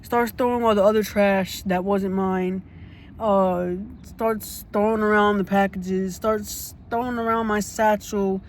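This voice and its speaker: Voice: mid-range voice, little pitch movement, a little slow, a little hiss or hum. A casual storytime vlogger who tells a story bluntly and indignantly, swears freely and repeats points for emphasis.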